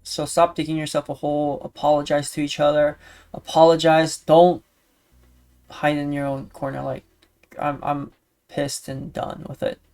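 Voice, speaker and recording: A man streamer with a hoarse, raspy voice, talking in a casual rambling vlog update. He vents with frustration, repeats his phrases, and sounds tired. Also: fairly high pitch, flat delivery, normal speed, a little mellow. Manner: tired and sleepy by the end. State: hoarse, voice worn out.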